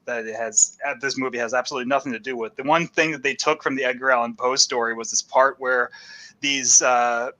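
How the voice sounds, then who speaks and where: A man co-hosting a stream, chatting casually and telling animated stories. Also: medium pitch, rough recording. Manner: animated storyteller, swears freely. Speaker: stream co-host. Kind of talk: casual chat about old movies.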